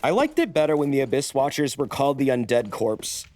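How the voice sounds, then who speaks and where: A man's voice: mid-range voice, big pitch swings, a little fast, a little mellow, a little hiss or hum. A man streaming a game, chatting casually and cursing while he explains the lore. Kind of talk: casual gameplay commentary.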